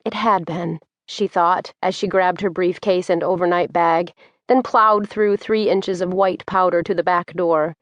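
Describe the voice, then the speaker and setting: A woman's voice: fairly low pitch, steady tone, no echo, highs cut off. Woman narrating a romance audiobook. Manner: measured, descriptive storytelling. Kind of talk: scripted narration.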